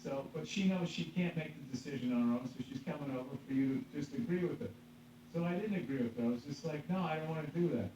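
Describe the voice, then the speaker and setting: A man's voice: fairly high pitch, quick pace, dark tone. A man, a stand-up comedian, telling a story in casual podcast chat, cursing freely, laughing and acting out the voices of the people he quotes. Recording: echoey, distant, dull with faint hum.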